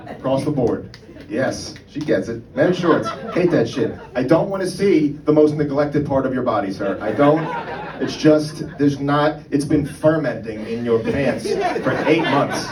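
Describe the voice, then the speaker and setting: Profane, chatty male stand-up comic. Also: mid-range voice. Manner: conversational, profane, keeps asking "right?". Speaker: stand-up comedian. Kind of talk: stand-up comedy. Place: comedy club stage. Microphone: mic on a stand. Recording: roomy live room, mic far off, background noise.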